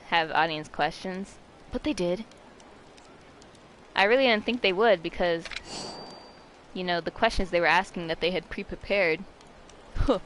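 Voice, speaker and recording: A vlogger telling a story in a casual, rambling and dramatic way, mocking themselves and breaking into sudden high-pitched shrieks. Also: fairly bright tone, slight background noise, poor audio.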